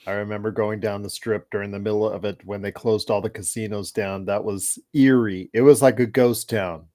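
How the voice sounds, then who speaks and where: A man in his forties hosting a casual basketball chat, rambling with restarts and sudden excited outbursts. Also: lowish voice, a little fast. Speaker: host of a basketball chat show. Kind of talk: casual live game chat.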